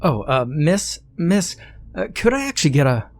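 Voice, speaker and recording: A man's voice: on the high side, sing-song, moderate pace, voice pushed up. A man putting on a fussy young scholar. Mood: flustered. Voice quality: hesitant, stammering with fillers. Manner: formal, courteous diction. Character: young fussy male royal scholar, pompous and polite.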